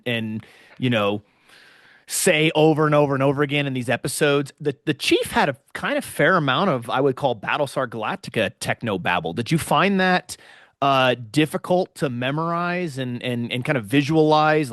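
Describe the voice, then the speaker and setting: Male podcast host, mid-pitched, dry close recording, measured questions. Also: a bit bright, no echo. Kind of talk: interview questions.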